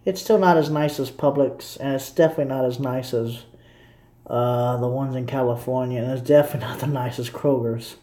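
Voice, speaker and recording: A man's voice: medium pitch, brisk, dark tone, echoey room. A man from Texas rambling to his viewers in a blunt, opinionated live-stream chat, swearing casually as he goes.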